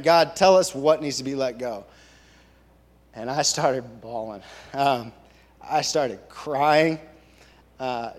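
A man, a church elder, giving a halting, earnest personal testimony to his congregation. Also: fairly high pitch. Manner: halting, earnest storytelling with many restarts. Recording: long reverb of a large hall.

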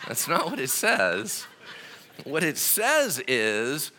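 Bright animated preaching man. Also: mid-range voice, measured pace. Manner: acts out voices in quoted asides; rhetorical "right?" checks with listeners. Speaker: pastor. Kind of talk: conversational sermon.

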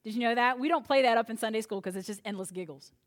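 A high-pitched woman preaches a sermon as the pastor. She tells the story playfully and acts out the voices with humor. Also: fast.

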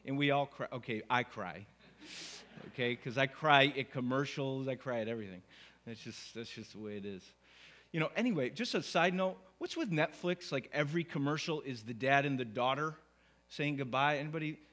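A man's voice: mid-range voice, animated, brisk, a bit bright. A man preaching a sermon to his congregation, talking casually and checking in with them with frequent questions. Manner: conversational, asks the congregation "right?". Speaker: pastor.

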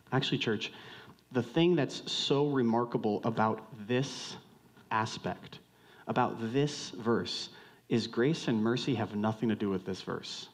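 A man preaching a sermon in a conversational, joking way, swinging from loud outbursts to hushed lines and questioning the congregation directly. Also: medium pitch, moderate pace. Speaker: pastor.

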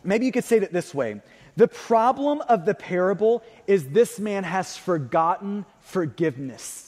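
A man preaching a sermon, emphatic, repeating key phrases and swinging between loud and hushed. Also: sits high, lively intonation, unhurried. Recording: long hall reverb.

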